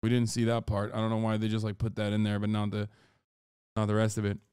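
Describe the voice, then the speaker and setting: A man's voice: lowish voice, monotone, quick pace, darkish tone, smooth, no room sound. Profane, incredulous streamer man. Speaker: streamer and commentator. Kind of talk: casual reaction commentary, reading an article aloud.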